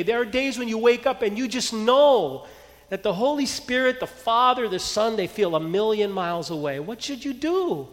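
A man preaching a sermon as pastor, telling a story with lively energy and quieting into soft prayer. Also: sits high, moderate pace. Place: church hall. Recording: long hall reverb.

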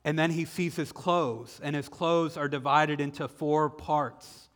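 A man with a Southern US accent preaching a sermon, retelling the story dramatically and slowing down for emphasis. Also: a little high, steady tone, a bit bright. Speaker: pastor. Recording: echoey hall with long reverb.

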